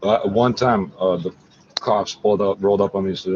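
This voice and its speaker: A man with a lowish voice rants on and on, swearing and agitated, and drifts from point to point as an internet radio host. The recording is dull and lo-fi, with a faint hiss of background noise. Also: steady tone, fairly quick, darkish tone. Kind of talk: profane rambling monologue.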